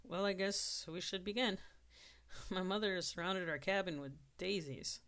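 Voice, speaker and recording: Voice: mid-range voice, moderate pace, a bit bright, lightly acted. A reader voicing a shy, polite young girl from a homestead, hesitant when she speaks.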